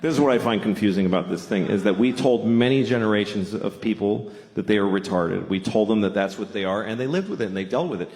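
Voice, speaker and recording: A man from Boston performing a profane stand-up comedy set on stage, ranting with loud shouted bits. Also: fairly low pitch, quick pace, few pauses. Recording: echoey room with audience laughter.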